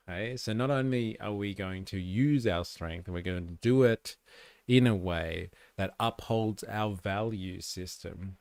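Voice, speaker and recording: A man rants through a casual livestream, sarcastic and quick to swear. His voice sits fairly low with a gravelly edge. The sound is dry and close. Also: darkish tone, no echo. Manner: sarcastic, profane, opinionated. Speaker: streamer and commentator.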